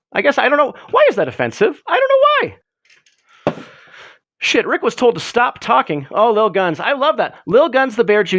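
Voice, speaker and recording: A man's voice: high-pitched, a bit bright, dry recording, clean studio sound. A man hosting a casual livestream, greeting chatters and rambling through jokes. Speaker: streamer host.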